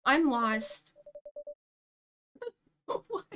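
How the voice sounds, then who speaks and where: A young woman streaming a game live, excitable and giggly, talking to herself as she plays. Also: high voice, drawn-out words, background noise.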